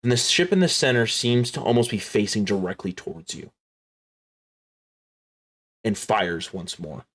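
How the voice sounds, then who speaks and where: Slow, hushed man narrating. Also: fairly low pitch, expressive. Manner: slow, dramatic, drops to hushed tones. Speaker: game master. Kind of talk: narrating a tabletop game.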